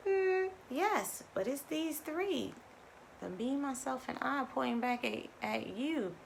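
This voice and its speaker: Hosting a live-streamed spiritual talk as a coach, a woman speaks straight to her viewers, emphatic and repetitive as she drives her points home. Her high, gravelly voice has lively intonation and she takes it slowly, with a little hiss or hum in the audio.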